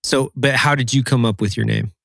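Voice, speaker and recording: A man's voice: medium pitch, steady tone, brisk, creaky, fairly bright tone, dry recording, clean studio sound. A man hosting a podcast interview, joking, swearing casually and asking eager questions. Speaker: podcast host.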